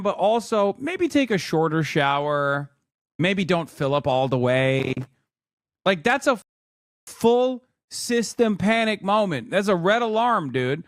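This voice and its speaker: Sarcastic streamer guy reacting to news, swears a lot, kinda high voice, dry close mic. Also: dry recording. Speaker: live-stream news commentator. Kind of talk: casual live-stream commentary.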